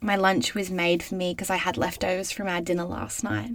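A woman's voice: fairly low pitch, level tone, brisk, no echo. Earnest young woman podcasting from a wardrobe. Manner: earnest, effusive, many restarts and fillers. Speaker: podcast host. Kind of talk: casual solo podcast monologue. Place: small clothes wardrobe at home. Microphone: podcast microphone.

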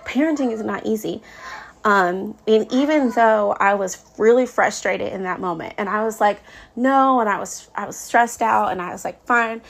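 A woman's voice: medium pitch, normal speed, creaky. A woman in her thirties hosting a podcast, talking candidly and venting about her days as a mother, with frequent laughs. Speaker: podcast host. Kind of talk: casual podcast monologue.

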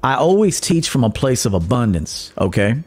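A man's voice: sing-song, moderate pace. Profane, mocking male podcast host. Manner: profane, mocking, laughs at his own jabs; mimics commenters in a high mocking voice. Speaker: podcast host and dating coach. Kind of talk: blunt monologue.

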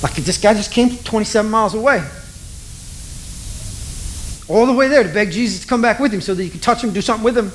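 A preacher delivering a relaxed, conversational sermon. They tell stories and poke fun at themselves in a mid-pitched voice. A faint hiss of noise sits under the voice. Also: fast talker, long pauses, rough recording. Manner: conversational, self-deprecating, storytelling.

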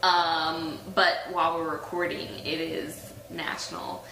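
A woman's voice: deep voice, flat delivery, unhurried, pushed and bright, roomy sound, a little hiss or hum, rough recording. A woman co-hosting a casual chat podcast at home, rambling with lots of ums and frequent giggles. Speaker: podcast co-host. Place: her house.

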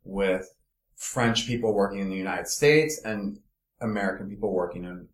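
A man from Los Angeles, a guest in an interview, telling his career story in an animated, meandering way. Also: sits low, moderate pace, echoey room. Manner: animated storytelling, trailing off and restarting. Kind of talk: casual conversational interview.

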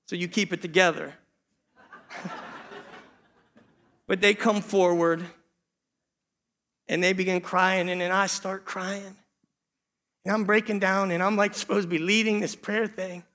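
Middle-aged pastor guy preaching, high bright voice, earnest with little jokes, church echo all around. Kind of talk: sermon. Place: church sanctuary.

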